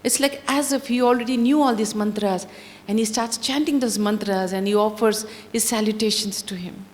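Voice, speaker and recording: A woman telling a scripture story in a slow, deliberate, expressive manner. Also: on the high side, a little hiss or hum. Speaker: spiritual storyteller. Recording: long hall reverb.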